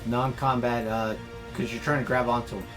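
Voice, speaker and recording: A man in a mid pitch runs a tabletop game. He is relaxed and talks the players through rules and dice checks. Music plays behind him. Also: normal speed. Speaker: game master. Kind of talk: running a tabletop game, voicing villains in narration.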